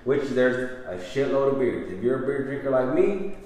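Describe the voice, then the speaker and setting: A man's voice: mid-range voice, animated, normal speed, warm tone. Echoey-room man, laid-back, swearing freely. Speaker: podcast host. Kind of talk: casual chat. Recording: very echoey room, faint noise.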